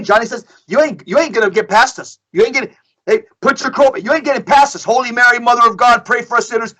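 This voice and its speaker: A man's voice: very high voice, quick pace, bright, forceful tone, rough recording. A middle-aged man telling a story in a podcast discussion, emphatic, often repeating himself and acting out what others said. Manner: emphatic, repeats phrases, acts out quotes. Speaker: guest speaker.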